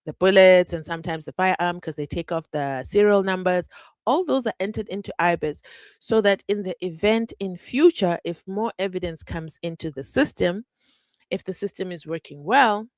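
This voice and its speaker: Woman, livestream host, lower voice, chatty and animated, dry close mic. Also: no echo. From South Africa. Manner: chatty, animated, reads comments aloud. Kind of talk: casual live commentary.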